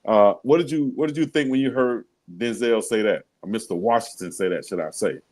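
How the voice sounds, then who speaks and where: A man's voice: medium pitch, brisk, darkish tone, rough recording. Laid-back man, storytelling co-host. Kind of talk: casual sports talk show.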